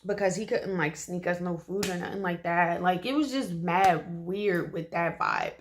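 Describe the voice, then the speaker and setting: A woman's voice: fairly low pitch, moderate pace, slight background noise. Emphatic woman telling a story. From Philadelphia, USA. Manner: emphatic and slangy, with frequent "okay?" asides to listeners. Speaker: storytime vlogger. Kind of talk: casual storytelling to camera.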